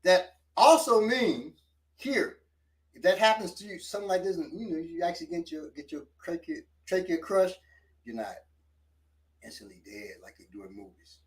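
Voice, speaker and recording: Guy coaching choke escapes, loose casual talk, pretty high voice. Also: normal speed, recorded from a distance. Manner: animated, coaching while demonstrating moves. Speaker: self-defense instructor.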